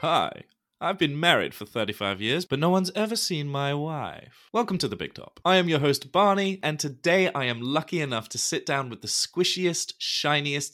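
Male podcast host, chatty and animated, laughs a lot, voice swings widely in pitch. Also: a little fast. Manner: animated, laughs often, rambling. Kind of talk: casual podcast chat. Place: Ringwood, England.

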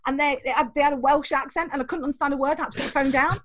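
A woman speaks in a high, bright register at a rapid clip. She tells stories with energy, acting out the voices of the people in them and laughing along the way, in an interview setting. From England. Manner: animated, acts out voices in her stories, laughs often. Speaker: guest, teacher trainer. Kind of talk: storytelling interview.

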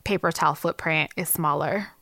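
A brash woman tells stories on a podcast, laughing and cursing as she goes. Her voice is bright and forward, with a dry, close sound. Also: low voice, moderate pace, no echo. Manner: loud storytelling, swears freely, breaks into laughter. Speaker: podcast co-host. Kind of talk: casual chat.

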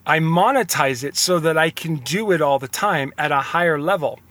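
Bright-voiced earnest man. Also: on the high side, moderate pace, dry recording. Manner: earnest, rambling, confessional. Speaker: podcast host. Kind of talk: motivational monologue.

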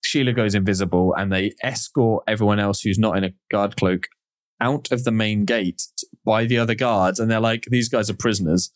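Man, low voice, casual recap, dry close sound, relaxed storytelling. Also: moderate pace, dry recording. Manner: relaxed storytelling with filler words. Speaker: podcast host recapping an episode. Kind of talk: casual chat.

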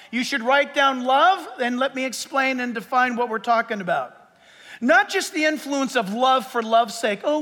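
A man preaching a sermon as pastor, lively and joking as he walks through numbered points. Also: very high voice, in a large hall. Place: church sanctuary with a live audience.

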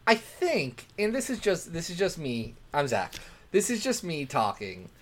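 Animated joking male podcast co-host. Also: on the high side, a little slow, a little hiss or hum. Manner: jokey, animated, mock accents. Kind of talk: casual podcast chat.

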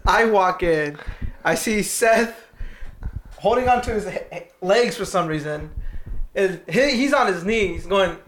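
A man's voice: high voice, expressive, unhurried, fairly bright tone. A man joining a casual chat and laughing as he picks up the story. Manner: laughing while chiming in on a story. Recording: noisy background.

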